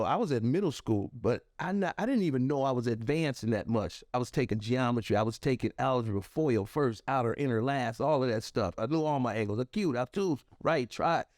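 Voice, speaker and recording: Male podcast guest, mid-pitched, spins a lively personal tale, dry close-miked sound. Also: dry recording. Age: adult. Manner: animated, acts out quoted voices with sharp pitch jumps; conversational, frequent fillers like "you know" and "right". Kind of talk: personal storytelling.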